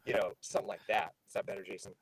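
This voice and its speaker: A man chatting as a guest on a video call, telling an excited story with many restarts, close to a slightly staticky mic. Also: lowish voice, very fast, low-quality recording. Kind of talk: casual chat. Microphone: close mic on a video call, some static.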